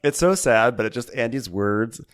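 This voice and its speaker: A male comedy podcast co-host tells gossip stories with lots of energy. His pitch swoops up and down a great deal. His voice sits in a middle register. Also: moderate pace, a crowd in the background. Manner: animated storytelling.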